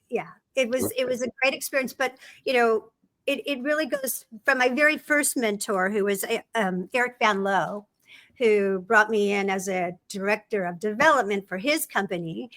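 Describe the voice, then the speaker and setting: Animated woman telling her career stories. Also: a little high, a little slow, dry recording. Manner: animated storyteller, acts out quoted people, laughs often. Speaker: film writer and producer guest. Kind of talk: conversational interview storytelling.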